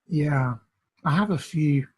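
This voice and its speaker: Brazilian-born man, earnest recovery coach, husky, slightly high voice, emotional storytelling. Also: slow, darkish tone. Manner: earnest, repeats words, voice wells up.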